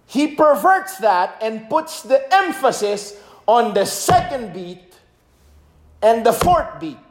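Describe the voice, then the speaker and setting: A man's voice: very high-pitched, very animated, slow pace, reverberant. A man preaching a sermon on music, stressing his points and singing short hymn lines to show rhythm. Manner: emphatic, sings hymn lines to demonstrate rhythm.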